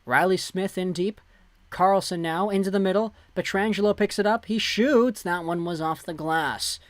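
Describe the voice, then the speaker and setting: Man, hockey play-by-play, livestream commentary, high voice, dry close mic, loud bursts on big plays. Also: normal speed, no echo.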